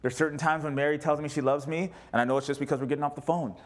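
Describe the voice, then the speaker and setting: A man pastor preaching casually to his congregation, animated and jokey, acting out little quoted lines. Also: on the high side, very fast. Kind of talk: sermon with congregation questions.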